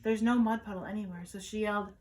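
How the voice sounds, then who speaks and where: A woman, a children's caregiver, reading a picture book aloud to children in an animated, sing-song storytelling manner. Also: medium pitch, fast talker, poor audio.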